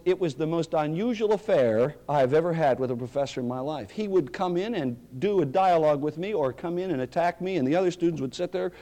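A middle-aged pastor preaches a sermon, telling stories and building to emphatic declarations. His voice sits high with a darkish tone.

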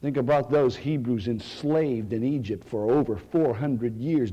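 A male preacher, delivering a sermon with dramatic swings from loud cries to near-whispers. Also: medium pitch, measured pace, hardly any pauses, lo-fi sound.

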